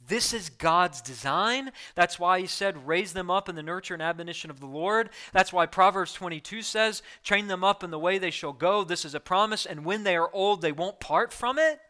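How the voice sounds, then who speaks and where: Emphatic preacher man with a bright, tense voice. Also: high voice, moderate pace, hardly any pauses. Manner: emphatic preaching with sudden loud outbursts and soft drops; repeats key phrases for emphasis. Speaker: pastor. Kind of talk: sermon.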